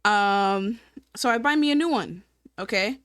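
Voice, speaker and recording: A woman telling a casual story to camera in an animated, profane way, laughing often and checking in with the viewer. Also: medium pitch, measured pace, clean tone, no room sound. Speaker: storytime vlogger.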